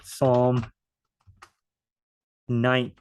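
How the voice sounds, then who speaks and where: Man for a relaxed Bible study walkthrough, rambling and joking, average pitch. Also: drawn-out words, a little hiss or hum. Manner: chatty, thinks aloud, joking asides.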